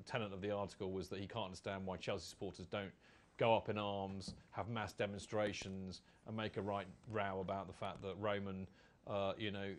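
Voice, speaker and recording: Rambling podcast host. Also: male voice, lowish voice. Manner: rambling, chatty, does comic voices when quoting. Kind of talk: casual fan podcast chat.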